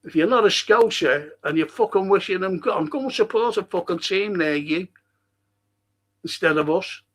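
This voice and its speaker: Reading viewer comments on his fan stream, this Liverpool-accented host chats casually, curses liberally, and cracks himself up with his own tales. His voice is high-pitched and his speed normal.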